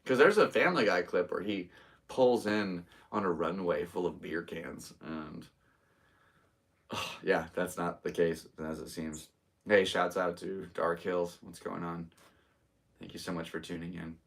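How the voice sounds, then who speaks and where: A man's voice: sits low, unhurried, creaky, a bit bright, distant mic. A man in his thirties with an American accent, hosting a solo live podcast and chatting casually and rambling to his viewers. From United States. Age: 30s. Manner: rambling, easygoing, talks to viewers. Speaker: podcast host and stand-up comedian. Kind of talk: casual solo livestream chat.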